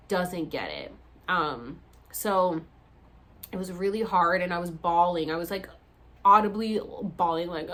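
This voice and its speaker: A young woman with a voice on the low side vlogs to camera, telling a personal story in a casual, animated way. She swears a lot and fills her speech with "like."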